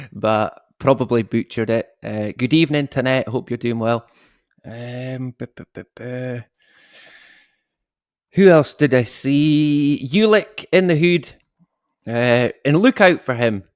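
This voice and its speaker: A man's voice: medium pitch, takes it slowly, pauses often, no room sound, clean studio sound. A man in his thirties casually chatting and greeting viewers as a livestream host, joking at his own expense and swearing freely. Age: 30s. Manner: jokey, self-mocking, swears casually, laughs often. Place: at home.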